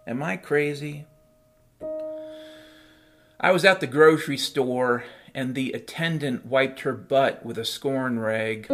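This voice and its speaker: A man talks in a rambling solo monologue, full of swearing and dry sarcasm, then drifts into deadpan absurd tales. His pitch sits in an ordinary middle range. A faint piano plays quietly behind him. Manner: profane, sardonic, deadpan absurdist storytelling.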